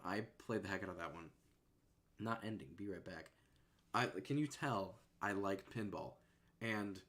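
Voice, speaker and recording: A man streaming and chatting casually at a desk microphone in a rambling, laid-back way that often trails off softly. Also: low-pitched. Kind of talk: casual chat.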